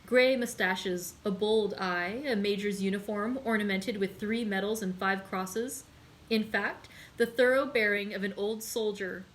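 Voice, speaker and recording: A woman hosting a library read-aloud, reading a classic novel and lifting her voice for excited dialogue. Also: slight background noise, rough recording. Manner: voices characters with raised pitch in excited dialogue.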